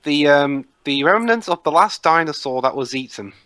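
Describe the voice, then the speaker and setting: A man's voice: fairly high pitch, expressive, moderate pace, bright, forceful tone, no echo. Rambling man in casual movie commentary. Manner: rambling, stops and restarts his sentences.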